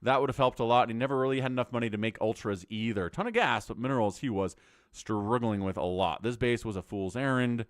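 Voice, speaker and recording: A man hosting a live stream and giving chatty, excitable commentary on an esports match, thinking aloud as the play unfolds. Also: mid-range voice, a little fast, dry recording, studio quality. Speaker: game commentator and stream host.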